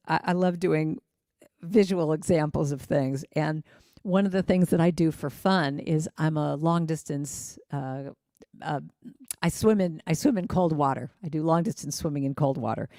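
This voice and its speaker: A woman's voice: low-pitched, warm tone, dry recording, clean studio sound. A middle-aged woman, a guest musician, giving a casual spiritual talk and breaking into sung lines and acted quotes.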